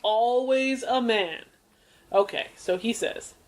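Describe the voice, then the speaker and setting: A woman's voice: fairly high pitch, animated, normal speed. A woman co-hosting a podcast, telling a story in casual chat with a profane, mocking manner. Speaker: podcast co-host.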